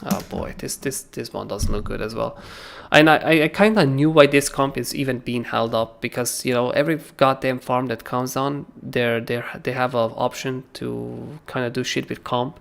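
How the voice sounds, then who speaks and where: A man hosting a crypto trading livestream, talking through charts in a casual, animated way and often asking "right?". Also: mid-range voice, moderate pace, gravelly, few pauses.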